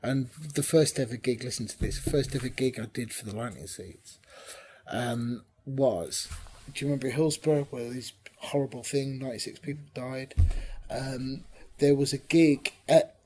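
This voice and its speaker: A man being interviewed about his band, telling stories in a chatty, lively way, sometimes dropping to a whisper for emphasis. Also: mid-range voice, moderate pace, slight background noise. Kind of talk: casual anecdotal interview.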